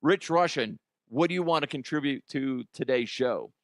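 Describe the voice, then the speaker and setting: A man's voice: mid-range voice, normal speed, no room sound, studio quality. A man hosting a comedy podcast, rambling loosely and laughing between bits. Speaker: podcast host. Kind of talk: casual comedy monologue.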